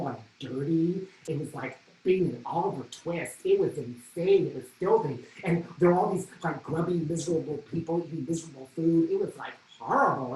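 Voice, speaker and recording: A man's voice: a little high, darkish tone. Gushing male storyteller, roomy and distant. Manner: chatty, gushing, exaggerating. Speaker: solo performer. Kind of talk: comic storytelling monologue. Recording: roomy sound from off mic.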